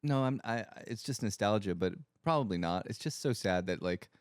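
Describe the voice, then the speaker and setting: A man co-hosting a podcast in casual chat, halting and trailing off as he gropes for words. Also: on the low side, expressive, no echo, clean studio sound. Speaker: podcast co-host.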